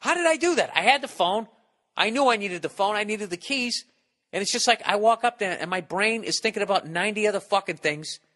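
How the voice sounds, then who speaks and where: A man's voice: sits high, fairly quick, bright, forceful tone, big-room sound. A man in his forties hosting a podcast, rambling through a profane, self-mocking comic monologue at a studio mic, mimicking people in exaggerated voices. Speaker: podcast host. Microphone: studio podcast mic with windscreen.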